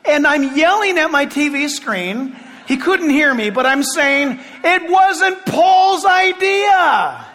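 A man preaching a sermon with passion, shouting at points and making sarcastic asides. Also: extremely high pitch, long reverb tail.

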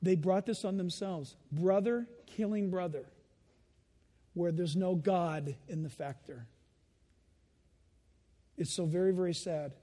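A man preaching a sermon in an animated way, acting out the voices of children and laughing as he goes. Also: high-pitched, takes it slowly, long pauses, long reverb tail. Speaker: pastor.

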